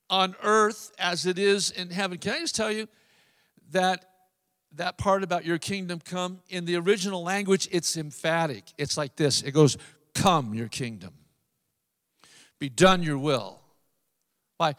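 A man preaching a sermon, emphatic, with drawn-out phrases and repeated lines. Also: high-pitched, fairly bright tone, in a large hall. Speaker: pastor.

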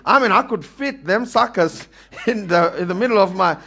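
A man preaching a sermon to a congregation, animated, calling for amens and building to emphatic peaks. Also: high voice, moderate pace, creaky, husky. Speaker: pastor.

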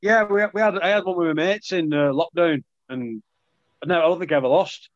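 A young man, chatting in an interview about playing rugby league, with a relaxed, self-deprecating manner and lots of restarts. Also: a little high, brisk, no room sound, muffled recording. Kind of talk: casual interview chat.

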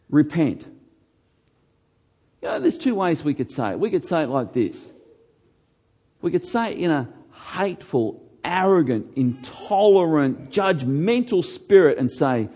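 A middle-aged man preaching a sermon, earnest, slowing down and dropping his voice on key words. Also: warm tone. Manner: earnest, slows down and drops low on key words. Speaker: pastor.

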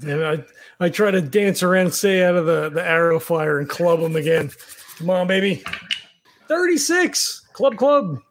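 A man playing a tabletop game, eager and excitable, cursing at bad dice rolls. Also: on the high side, fairly quick, a little hiss or hum. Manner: eager, excitable, swears when dice roll badly. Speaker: player.

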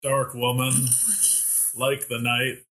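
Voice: medium pitch, flat delivery, slow pace, a bit bright, slight background noise. A performer playing a laid-back teenage boy who earnestly shares moody poetry in an improv comedy scene. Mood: deadpan.

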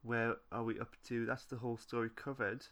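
A man co-hosting a casual podcast, recapping a plot in a relaxed way and often trailing off with vague wrap-ups. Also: medium pitch, brisk. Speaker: podcast co-host. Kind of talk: casual fan podcast chat.

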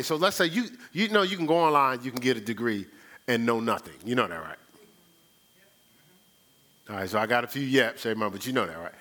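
A man preaching in a loose, conversational sermon, tossing rhetorical questions to the room. His voice is fairly high and bright and swings widely in pitch. He keeps circling back to the same points, repeating them for emphasis. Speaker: pastor.

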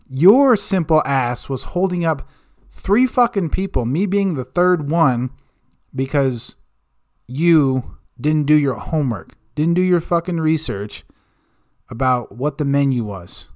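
A man's voice: a little high, animated, measured pace, a little mellow. A man hosting a comedic rant segment, swearing constantly in an exasperated tone. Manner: profane, exasperated ranting. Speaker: host.

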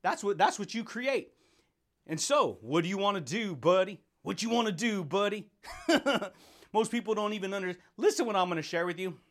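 High-voiced, hyped-up man. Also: expressive, normal speed, fairly bright tone. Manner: hyped, playful, laughs often, calls listeners buddy and dude. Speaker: podcast host. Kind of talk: motivational podcast monologue.

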